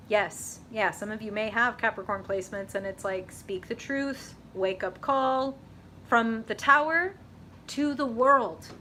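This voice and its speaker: A young woman hosting a live tarot reading, chatting with viewers in an animated, casual way, swearing freely and saying "like" often. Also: a little high, slight background noise.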